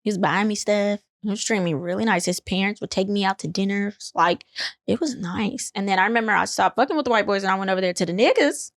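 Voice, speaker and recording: A young adult woman co-hosting a casual chat, telling stories in an animated way, acting out quotes with big jumps in pitch and laughter. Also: quick pace, dry recording, studio quality. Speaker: podcast co-host.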